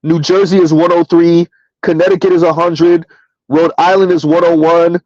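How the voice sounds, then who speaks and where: A man hosting a casual livestream, reading numbers aloud and answering his chat in a relaxed, chatty way. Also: on the high side, moderate pace, no echo, lo-fi sound. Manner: casual, chatty, addresses listeners as y'all. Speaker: livestream host.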